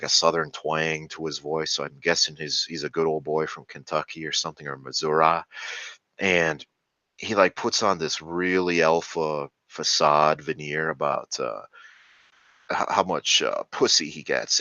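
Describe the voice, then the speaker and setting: Brief: very deep but bright-toned man ranting profanely in a casual monologue, dull lo-fi sound. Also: no room sound. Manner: profane, ranting, with frequent fillers. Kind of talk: rambling casual commentary.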